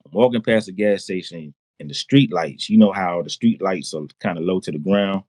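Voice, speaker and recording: A man giving a personal testimony in casual, slangy speech, excited, often repeating himself and laughing. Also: sits low, normal speed, no echo. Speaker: testimony guest.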